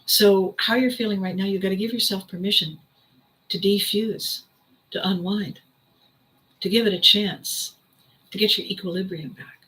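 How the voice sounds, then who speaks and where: Give me a woman voicing a caring friend on the phone, teasing and coaxing. Her voice stays bright, close to the speaker's own. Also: mid-range voice, fairly even intonation, normal speed, long pauses, lightly acted, poor audio.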